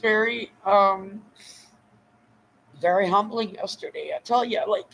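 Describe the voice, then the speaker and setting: A woman's voice: medium pitch, steady tone, unhurried, a bit bright, breathy edge, rough recording. A middle-aged woman hosting a casual livestream, emotional and effusive, rambling with fillers and thanking viewers often. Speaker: livestream host.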